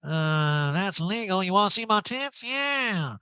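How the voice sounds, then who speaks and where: A man putting on a brash, lewd, pushy woman, pitched higher than his own voice. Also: very animated, a little slow, sharp tone, clean tone, no room sound, exaggerated voice. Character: brash, crude, flirty woman.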